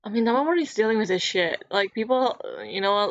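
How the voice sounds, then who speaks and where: A woman's voice: mid-range voice, lively intonation, quick pace, no room sound. Woman, game streamer, reads story text aloud, casual emotional commentary, slightly dull sound.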